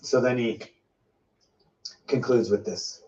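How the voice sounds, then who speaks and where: A man's voice: mid-range voice, moderate pace, mellow. A man giving informal prophetic teaching, emphatic and piling up repeated phrases. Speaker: preacher sharing a prophetic word. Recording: dull, slightly distant lo-fi sound.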